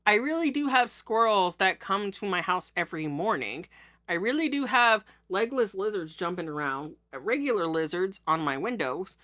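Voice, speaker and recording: Woman vlogging at home, bright voice, chatty and rambly, keeps restarting. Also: medium pitch, lively intonation, moderate pace. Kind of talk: casual chatty monologue.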